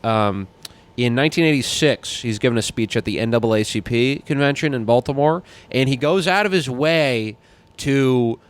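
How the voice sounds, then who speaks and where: A man's voice: mid-range voice, clear, resonant tone. A man co-hosting a casual political podcast, talking in a heated, rambling way with frequent restarts. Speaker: podcast co-host.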